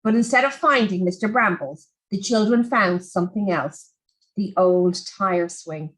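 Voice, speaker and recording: A woman reading a children's farm story aloud in an expressive, animated storybook style. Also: medium pitch, unhurried, poor audio.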